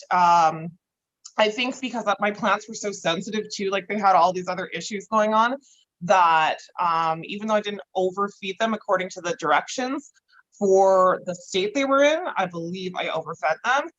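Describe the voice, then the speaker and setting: A woman's voice: mid-range voice, fairly bright tone. Casual woman podcast guest, chatty, laughs often, swears freely, dull lo-fi audio. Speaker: guest grower.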